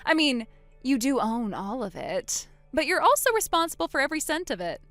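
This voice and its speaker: A woman voicing a calm, vengeful young woman who coldly springs a trap on her sister in a text-story drama. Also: high-pitched, brisk, dry recording, soft background music, heavily acted. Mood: cold triumph. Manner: cool, quiet, coldly sarcastic.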